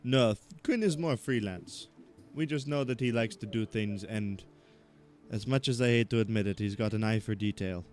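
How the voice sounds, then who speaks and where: A man's voice: on the low side, normal speed, a little mellow, soft background music, natural voice. A man doing a touchy male official, proud and defensive. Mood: grudging. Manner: indignant, swearing when challenged.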